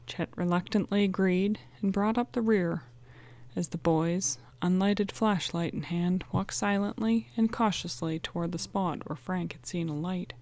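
A woman narrating a storybook in a clear, even way. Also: fairly low pitch, measured pace. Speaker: audiobook narrator.

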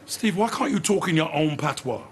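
An exasperated hustler. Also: male voice, a little high, lively intonation, brisk, husky. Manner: London street slang, exasperated, mocking. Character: young black London businessman, exasperated straight man. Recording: live studio with loud audience laughter. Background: loud audience laughter.

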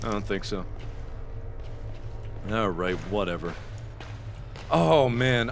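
A man giving excitable let's-play commentary, taunting the game and breaking into shouts and mock-dramatic rants. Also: on the high side, moderate pace, long pauses. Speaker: gaming commentator. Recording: clear background noise.

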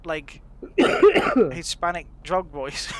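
A man's voice: fairly high pitch, huge pitch swings, very slow. A man chatting casually while playing a roleplay game, laughing often and rambling in a self-deprecating way. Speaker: roleplay streamer.

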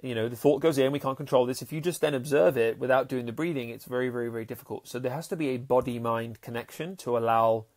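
A man's voice: medium pitch, steady tone, fast talker, few pauses, darkish tone. A man, a podcast host and happiness coach, talking earnestly in a casual monologue and often repeating his words. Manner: earnest, repeats words, acts out voices in stories.

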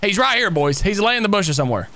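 A bright, high-voiced man streaming a police role-play game, yelling out calls and laughing between them. His pitch jumps all over the place as he talks. There's a faint hiss under his headset mic. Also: sing-song, gravelly. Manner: loud, laughing, quick exclamations. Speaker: streamer playing a police officer. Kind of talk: excitable role-play radio chatter and chat shout-outs.

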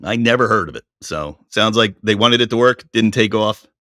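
A man co-hosting a casual podcast chat, animated and quick to laugh, sometimes reading aloud from notes. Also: on the low side, no echo, clean studio sound. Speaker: podcast co-host.

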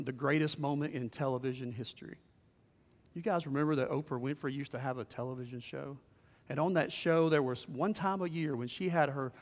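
A male pastor preaching with a fairly high voice. His delivery swings from quiet, intimate moments to loud, excited outbursts. A long reverb from the church hall trails behind every line. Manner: animated, swings from hushed to shouting. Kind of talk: sermon. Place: church sanctuary.

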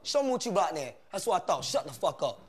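A young man, talking fast and hard. He taunts and challenges over and over in street slang, confrontational and loud. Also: sits high, sing-song. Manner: aggressive, taunting, repetitive slang. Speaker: reality show housemate. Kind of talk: heated confrontation.

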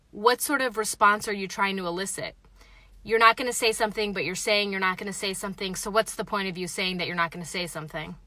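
A young woman vlogs live from a parked car, giving her frank take on a taco and bantering with viewers between bites, reading their comments aloud as she eats. Her voice sits at medium pitch with a sharp tone, and there's no room sound in this casual stream chat.

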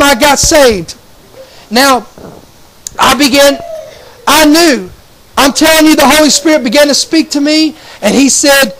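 A man's voice: extremely high pitch, a little slow, a bit bright, poor audio. A man giving an emotional, fervent testimony sermon, often repeating and restarting his phrases. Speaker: preacher.

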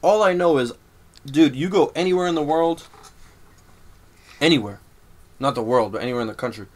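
A man's voice: fairly high pitch, fairly quick, darkish tone. A man with a Boston accent, a podcast guest ranting in brash, profane banter. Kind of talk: casual chat.

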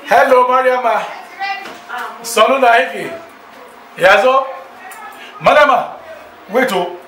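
An actor playing a boastful, newly rich man who sweet-talks several girlfriends on the phone, excited and laughing. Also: very high-pitched, takes it slowly, echoey room, far from the mic, full character voice, low-quality recording. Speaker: lead character in a film. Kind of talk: Nollywood film acting.

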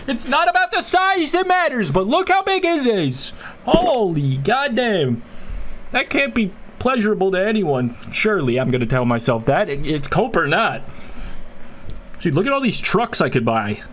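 A man's voice: high-pitched, big pitch swings, normal speed, loud music behind the voice. A man giving crude, jokey gameplay commentary, often switching into silly voices. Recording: loud game noise behind the voice.

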